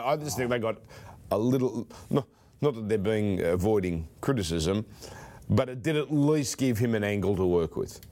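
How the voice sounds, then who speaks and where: A man's voice: on the low side, warm tone. Playful man hosting a podcast. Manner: playful, teasing, quick to laugh. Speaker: podcast host. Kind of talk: casual sports podcast chat. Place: studio room at league headquarters.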